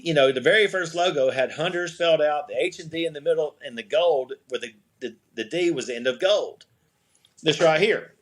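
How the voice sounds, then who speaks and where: Middle-aged man, podcast guest, rambling story, restarts sentences, acts out dialogue, somewhat high voice. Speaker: podcast guest, eyewear company owner. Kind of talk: casual storytelling interview.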